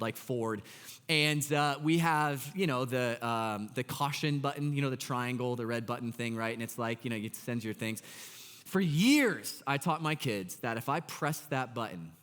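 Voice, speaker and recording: A pastor tells a story from the pulpit, jumping between voices and swinging his pitch widely. His voice sits fairly high for a man. The sound carries the long reverb of a big church hall. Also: a bit bright. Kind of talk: storytelling sermon.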